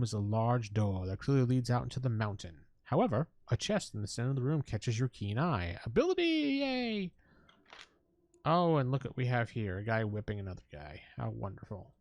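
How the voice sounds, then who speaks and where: A man's voice: mid-range voice, dry recording. A man hosting a let's play, reading the game text aloud with playful, jokey asides. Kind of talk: casual gameplay commentary reading the text aloud.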